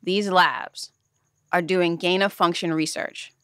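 A woman's voice: on the low side, fairly even intonation, slow, a bit bright, clear, resonant tone, dry recording, studio quality. A woman co-hosting a podcast, explaining science news earnestly and laughing easily at her partner's jokes. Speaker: podcast co-host. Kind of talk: casual chat, explaining news.

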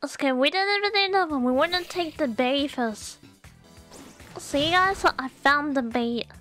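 A young woman chats to her stream while she plays, her voice sitting very high and sounding bright and forceful. She is excitable and gasps and squeals often, with faint game music behind her. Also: normal speed. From Australia. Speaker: VTuber streamer. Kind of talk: gameplay live stream chat.

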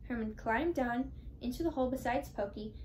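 A teenage girl reading a children's picture book aloud in a clear, expressive way. Her voice sits fairly high, and she paces the story for young listeners. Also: brisk, slight background noise. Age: teens. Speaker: storybook reader.

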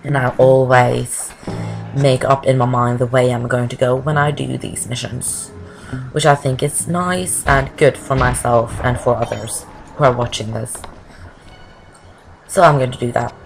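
A woman's voice: extremely low pitch, creaky, low-quality recording. A woman giving casual, rambling commentary over a video game walkthrough, often wandering off topic. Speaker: gameplay commentator. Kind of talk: casual Let's Play commentary. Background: game music.

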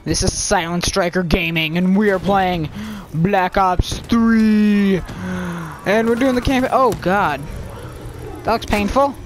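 Excitable rambling gamer. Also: male voice, high voice, slow. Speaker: gaming channel host. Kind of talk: let's play commentary.

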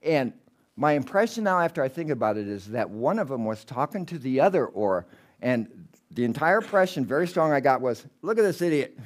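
Man, middle-aged, rambling storyteller, animated, casual ghost-story talk. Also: medium pitch, brisk. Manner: rambling, digressive and chatty, going off on tangents; animated, swinging between loud excitement and quiet hushed tellings. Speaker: guest speaker telling ghost stories.

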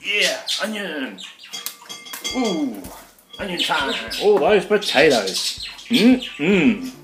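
Goofy kitchen host, wildly swooping pitch. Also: male voice, very animated, extremely slow, roomy sound, noisy background. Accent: New Zealand. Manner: goofy, playful, sing-song exclamations. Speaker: cooking show host. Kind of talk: comedic cooking show. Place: home kitchen.

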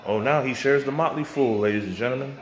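Faint music plays behind a fast-talking, medium-pitched man ranting to camera. A vlogger and music producer, he's profane and confrontational, now and then putting on voices to mock others.

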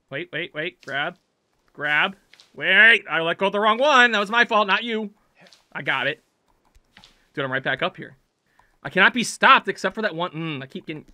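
A gaming channel host with a high, very bright voice gives let's play commentary, yelling at his climbing character. His pitch leaps around as he swings from quiet, jokey self-talk and mutters to frustrated shouts at the screen. He's animated, talks at normal speed, pauses often, and there's no room sound.

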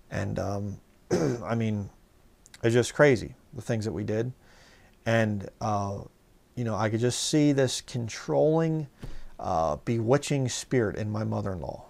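A man's voice: medium pitch, vocal fry, a little mellow. A man preaching a sermon, telling a rambling personal story full of fillers and rising into heated outbursts.

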